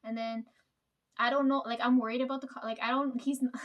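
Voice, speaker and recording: A woman's voice: a little high, level tone, a little fast. Rambling woman in her late twenties. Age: late 20s. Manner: rambling, sidetracked, swears freely. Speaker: vlogger. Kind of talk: casual storytime chat.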